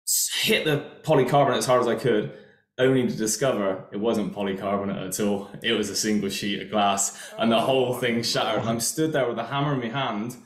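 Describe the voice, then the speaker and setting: A man tells work anecdotes in a relaxed, self-mocking way. His voice sits a little low. The sound is roomy, with a noticeable echo. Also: a little fast. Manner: chatty anecdotes, laughs at himself. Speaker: welding inspector guest. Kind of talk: casual storytelling.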